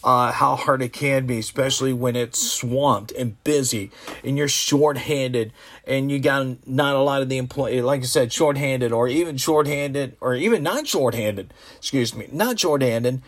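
A man's voice: medium pitch, unhurried. A man giving casual rambling commentary to camera, opinionated and exasperated, full of restarts. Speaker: vlogger.

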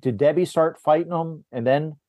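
A man in casual podcast chat, retelling a film's plot scene by scene and slipping into quick impressions of the characters. His speech is full of restarts and repeated words. The sound is dry and close, with no room behind him. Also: fairly high pitch, dark tone, dry recording, muffled recording. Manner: rambling recap, acts out character lines, frequent restarts. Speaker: podcast host. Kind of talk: casual movie discussion.

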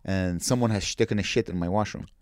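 A man co-hosting a podcast, chatting casually and telling jokes with animated delivery. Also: low voice, fast talker, no room sound, clean studio sound. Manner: animated, joking, bursts into silly voices. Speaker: podcast co-host and comedian. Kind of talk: casual comedic chat.

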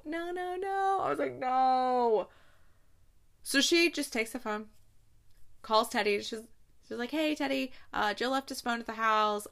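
A young woman casually recapping a movie plot, acting out the characters' lines and laughing often. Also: medium pitch. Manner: animated storytelling, acts out lines, laughs often. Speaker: podcast host reviewing holiday movies.

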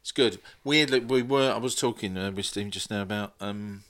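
Low-voiced male radio co-host. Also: moderate pace, a bit bright. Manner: chatty, with fillers. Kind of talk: casual chat about records.

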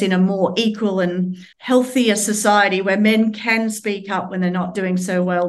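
A woman with an Australian accent, a charity representative answering interview questions in an earnest, explanatory way with frequent restarts. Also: mid-range voice.

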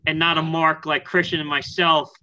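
Hesitant bright-voiced podcast host. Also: male voice, a little high, flat delivery, normal speed, dull audio. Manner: hesitant, filler-heavy questions. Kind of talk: casual podcast interview.

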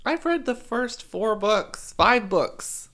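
A man's voice: high-pitched, lively intonation, slow pace, a bit bright. A man in casual chat with a friend, campy and teasing, laughing often.

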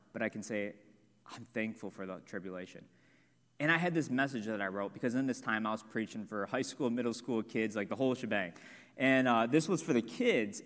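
A man's voice: mid-range voice, fairly bright tone. A young man preaching a sermon with earnest personal testimony, building to emphatic points. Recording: long hall reverb.

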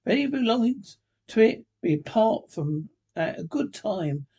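A man voicing a cheerful, earnest young man in a storybook reading, warm-hearted and pleading, with a husky voice. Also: high-pitched, very animated, unhurried, pitched above the performer's own voice, heavily acted.

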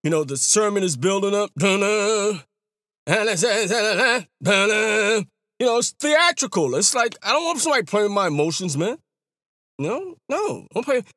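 A man from New York talking casually in a long monologue. He rambles, restarts his sentences often and throws out rhetorical questions in a sing-song, animated way. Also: high-pitched, moderate pace, no room sound, studio quality. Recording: hip hop music playing behind.

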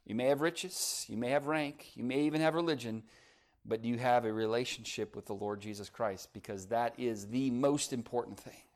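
A man's voice: mid-range voice, moderate pace. An older man preaching a sermon, earnest and urgent, asking his listeners direct questions and adding folksy, joking asides. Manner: earnest, rises to urgent emphasis, asks the congregation direct questions; folksy asides and light humor.

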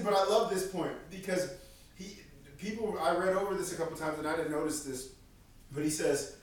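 A man preaching a sermon in a lively, animated way, acting out the voices of the people in his story. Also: high-pitched, brisk. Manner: animated, acts out voices of God and prophets. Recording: echoey room from far off.

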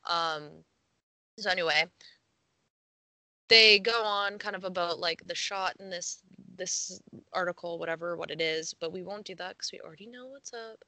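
A woman's voice: fairly low pitch, moderate pace, bright, forceful tone, dry recording, low-quality recording. A young woman co-hosting a casual podcast, reading a news story aloud with frequent giggles and casual swearing. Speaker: podcast co-host.

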